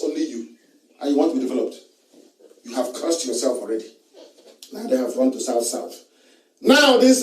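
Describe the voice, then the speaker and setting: A man's voice: on the high side, a little mellow. Emphatic Nigerian man, roomy distant mic. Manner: emphatic, repeats phrases, chuckles between lines. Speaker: political broadcaster. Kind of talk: live online broadcast monologue.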